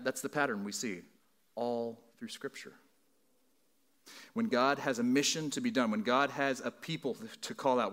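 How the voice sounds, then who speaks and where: A man's voice: medium pitch, fairly bright tone. Earnest male pastor preaching. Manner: earnest, building emphasis through repetition; conversational asides with frequent "right?". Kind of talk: sermon.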